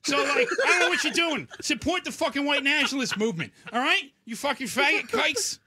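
A man's voice: very high voice, lively intonation, fairly quick, sharp tone, full character voice. A man putting on a tough-talking, old gangster-movie style voice to impersonate an angry, profane man who keeps jabbing "all right?". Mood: snarling. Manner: snarling, clipped, repeats "all right?".

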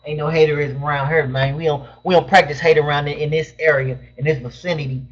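High-voiced slangy young man on a stream. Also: fairly even intonation, fast. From Southern California. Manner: loose slangy banter, reads chat questions aloud. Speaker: live stream host answering chat questions. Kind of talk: casual live-stream chat. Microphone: webcam mic. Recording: dull lo-fi webcam audio.

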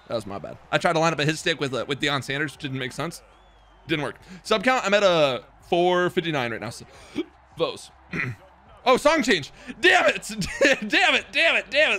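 A young man streaming a football video game, chatting casually with his viewers, excitable and swearing, with sudden loud outbursts. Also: fairly high pitch. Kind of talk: live game stream commentary.

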